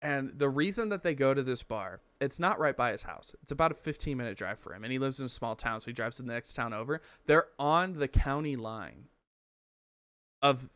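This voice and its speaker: A man on a podcast spins a rambling story with a bright, tense edge and crisp, smooth delivery. He swears freely and trips over restarts. The sound is dry and close. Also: medium pitch, animated, fairly quick, no echo. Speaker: podcast co-host. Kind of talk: casual storytelling chat.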